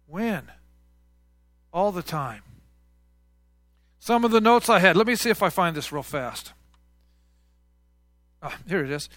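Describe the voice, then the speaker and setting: A man's voice: sits high, bright, forceful tone, dry recording, studio quality. A man preaching a sermon as pastor, conversational, calling out questions to the congregation. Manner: conversational, call-and-response with congregation.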